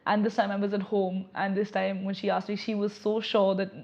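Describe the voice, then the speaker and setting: A young woman speaks candidly in an interview, reflecting as she talks and often stopping to restart a thought. Her voice sits at an ordinary middle pitch. The audio is slightly dull and lo-fi. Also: little pitch movement, a little fast, a little mellow. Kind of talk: personal testimony.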